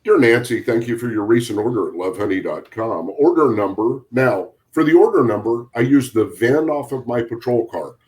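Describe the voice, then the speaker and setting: A man, a sheriff's deputy, telling a story on a podcast in a relaxed, amused way, chuckling and acting out the dialogue. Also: medium pitch, brisk, few pauses. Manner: amused, chuckles through his story, quotes people in dialogue.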